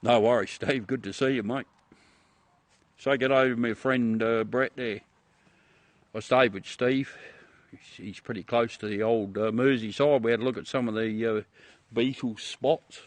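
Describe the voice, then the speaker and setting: Showing the moon through his telescope, a middle-aged Australian man keeps up a casual live chat with viewers, frequently joking, laughing and swearing. His voice is medium-pitched and fairly even, unhurried, in a dry recording.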